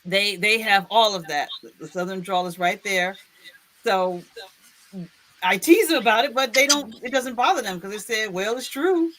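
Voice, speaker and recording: A woman's voice: mid-range voice, normal speed, fairly bright tone, a little hiss or hum. A woman chatting casually on a stream panel, teasing and laughing often. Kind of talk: casual podcast chat.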